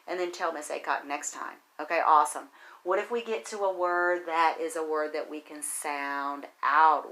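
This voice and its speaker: A woman teaching a virtual phonics lesson to kindergartners, encouraging and sing-song, drawing out each word slowly as she reads. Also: fairly low pitch, a bit bright. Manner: sing-song, encouraging, slow drawn-out reading of words.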